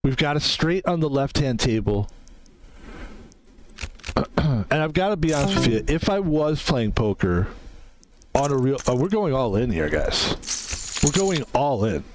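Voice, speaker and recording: A man's voice: medium pitch, big pitch swings, measured pace, long pauses. A man streaming a poker game, chatting in a rambling way, swearing freely and calling out his own name as he plays. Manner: chatty, rambling, swears freely, talks about himself in third person. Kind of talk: casual gameplay commentary. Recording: music playing behind the voice.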